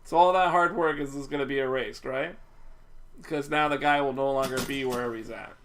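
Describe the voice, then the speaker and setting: A man's voice: medium pitch, fairly even intonation, fairly quick, a bit bright, a little hiss or hum. A man streaming a video game, cracking crude jokes and laughing often in casual commentary. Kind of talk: casual let's-play commentary. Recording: live stream with game music behind.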